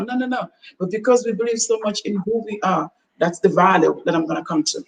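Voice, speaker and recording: Her mid-range voice is brisk and creaky. She's a Gambian woman guesting on a motivational talk show, preaching earnest advice and performing quoted exchanges, captured from a distance with faint noise behind her.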